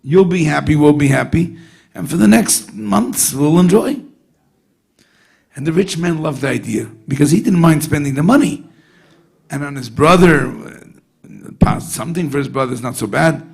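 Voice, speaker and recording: A rabbi holding a gathering's attention with a lively tale, his fairly high voice rough with a gravelly edge. He talks like a friend across the table, slipping in Yiddish words and asking his listeners whether they follow. The tone is husky rather than clean. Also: normal speed. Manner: animated storyteller sprinkling Yiddish and Hebrew words; conversational, often asks the audience "you know what I mean?". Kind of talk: storytelling talk at a Hasidic gathering.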